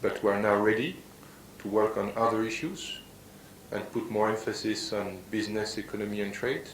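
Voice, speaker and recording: A man ambassador giving a press statement in a halting way with pauses. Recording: echoey room with rumble.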